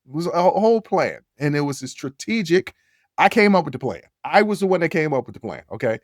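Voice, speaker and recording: A man hosts a podcast and tells a story in a loose, casual way. His voice sits a little high and turns animated, repeating himself as he builds the tale. The sound is dry and close, with no room around it. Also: quick pace, no room sound. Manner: animated, repeats phrases, jumps to high yells when quoting. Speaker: podcast host.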